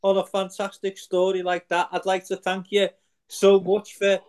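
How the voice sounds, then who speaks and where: A man hosting a podcast interview who asks halting questions full of fillers. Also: high voice, monotone, darkish tone, clean tone. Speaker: podcast host.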